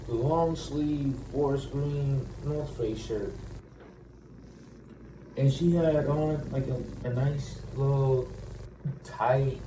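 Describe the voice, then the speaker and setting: A young man in his twenties tells a rambling personal story full of profanity, "like," and restarts. His voice is fairly high-pitched and warm. The mic is distant and roomy, with a noisy background.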